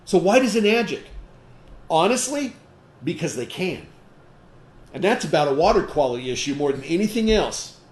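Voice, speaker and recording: A man running a training session for distributors, his voice a bit higher than most men's. He talks emphatically, fires rhetorical questions at the room and keeps checking in with "okay?". The sound is echoey, as in a roomy space. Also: very animated, moderate pace, pauses often, a little mellow. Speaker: sales trainer.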